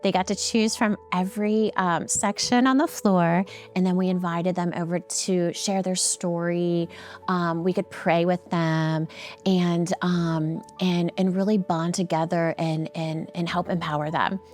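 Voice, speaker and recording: Earnest woman with a lowish voice. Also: steady tone, a little mellow, faint music behind. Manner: halting, with frequent ums and restarts; earnest, heartfelt. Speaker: nonprofit founder and guest. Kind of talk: conversational interview storytelling.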